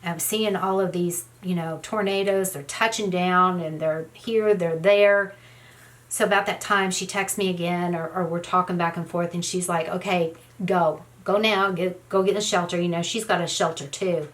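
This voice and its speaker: Rambling woman with a low voice. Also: fairly even intonation, normal speed, a bit bright. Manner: rambling, lots of "you know" fillers. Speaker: beauty vlogger. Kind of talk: casual storytelling while doing makeup.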